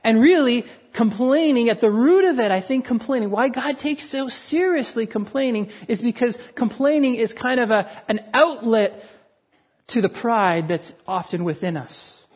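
A man's voice: extremely high pitch, moderate pace, breathy edge. A man preaching a sermon in an earnest way, often repeating words for emphasis. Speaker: pastor.

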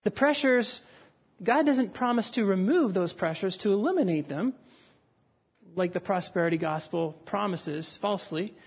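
Husky and high-pitched, a man preaches at normal speed, telling a story with dramatic rises and falls and raising his voice for the crowd.

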